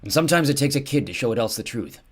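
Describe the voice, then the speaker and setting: A man reading an audiobook, voicing a gentle, weary old man who has lived long in exile and speaks haltingly. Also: medium pitch, animated, pitched above the performer's own voice, lightly acted.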